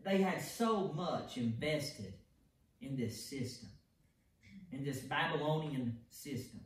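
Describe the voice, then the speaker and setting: A man's voice: a little high, a little hiss or hum. A man preaching an evening sermon in an emphatic style, often repeating words and restarting phrases. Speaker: pastor. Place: church sanctuary. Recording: echoey church heard from a distance.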